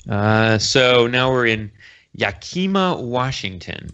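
A man's voice: medium pitch, big pitch swings, takes it slowly, fairly bright tone, clear, resonant tone, lo-fi sound. A man hosting a podcast, recapping a comic book in a casual, rambling way with sarcastic jokes. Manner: rambling, jokey, sarcastic asides. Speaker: podcast host.

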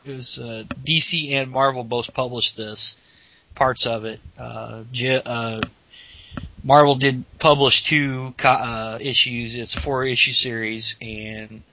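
A man's voice: medium pitch, fairly even intonation, takes it slowly, sharp tone. A man hosting a podcast, chatting casually and rambling with many restarts over lo-fi call audio. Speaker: podcast host. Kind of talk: casual chat.

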